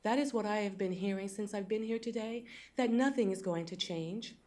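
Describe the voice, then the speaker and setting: A woman who is a sociologist testifies at a public hearing. She speaks in an earnest, imploring way, at a middle pitch. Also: moderate pace, a little mellow.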